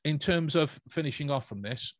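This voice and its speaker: A man's voice: on the high side, animated, moderate pace, no room sound. Rambling man with a Stoke accent. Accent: Stoke-on-Trent English. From England, Stoke-on-Trent area. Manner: rambling, many restarts and self-corrections. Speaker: podcast host. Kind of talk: casual podcast chat.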